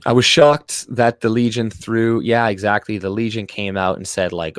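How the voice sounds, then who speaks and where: A young man with a lowish voice, his first language French, talks straight into a close mic in a dry, dead room. He rants to his livestream chat, swearing freely and mocking in a sarcastic tone. The delivery is loose and off the cuff. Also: fairly even intonation, normal speed, clear, resonant tone, no room sound. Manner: profane, ranting, sarcastic. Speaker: livestream host. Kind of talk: casual livestream chat, reading comments aloud.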